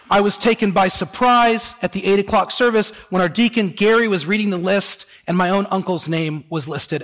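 High-voiced male pastor preaching in a reverberant church. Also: fairly bright tone. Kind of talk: sermon. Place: church sanctuary.

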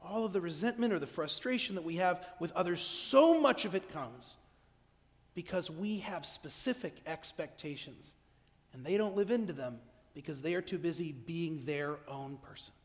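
High-voiced man preaching in a reverberant church. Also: moderate pace. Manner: humorous, animated, with frequent restarts. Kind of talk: conversational sermon. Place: church during an evening service.

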